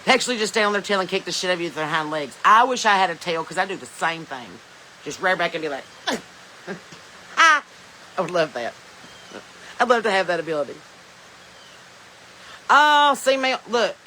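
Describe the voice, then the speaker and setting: A Southern American woman hosts a casual livestream chat from her phone, joking and laughing as she reads viewer comments. Her voice is bright and forward, with a faint hiss behind it. She talks in loose, drawling asides. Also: lowish voice, expressive, brisk, pauses often, poor audio. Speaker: podcast host.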